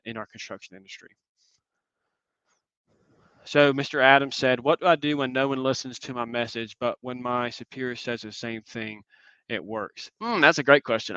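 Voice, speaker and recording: A man in his twenties giving an earnest, reflective conference talk and answering questions, often pausing with "um". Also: mid-range voice, sharp tone, clean tone, no echo. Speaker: conference speaker. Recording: dull lo-fi sound.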